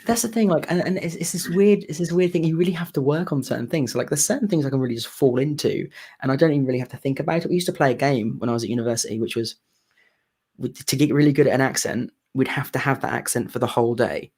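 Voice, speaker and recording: A British man in his thirties hosts a casual theatre live chat, often repeating words as he works toward his point. His mid-range voice is husky and a little dark, and he talks fast.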